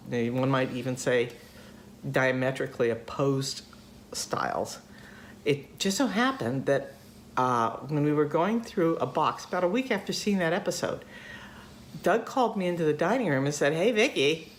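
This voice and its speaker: Older lady chatting away as host, low pitched, acts out little voices in her stories, bit of hiss. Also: lively intonation, normal speed. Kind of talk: casual chat.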